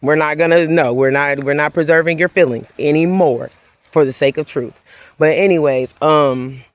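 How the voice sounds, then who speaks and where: A woman's voice: sits low, normal speed, dry recording. A woman giving an emotional, rambling spiritual monologue as a self-described prophet, preachy and swearing freely.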